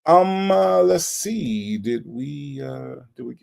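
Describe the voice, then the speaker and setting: A man's voice: medium pitch, lively intonation, slow pace, vocal fry, a little mellow. A laid-back man from Florida, hosting a casual livestream chat and reading out viewer comments. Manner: laid-back, chatty, repeats himself, playful. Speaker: livestream host.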